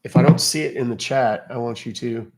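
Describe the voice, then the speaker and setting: A man's voice: medium pitch, a little fast, a little mellow, a little hiss or hum. A man from Texas hosting a casual live stream, chatting loosely and reading viewer comments aloud. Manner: chatty, loose, jokey, reads chat aloud. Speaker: livestream host.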